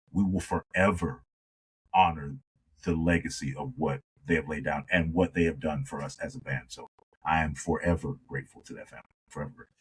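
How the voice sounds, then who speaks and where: A man, a singer telling an animated story in a conversation and acting out the dialogue. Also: very deep voice, slightly rough, rough recording. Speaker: singer, interview guest.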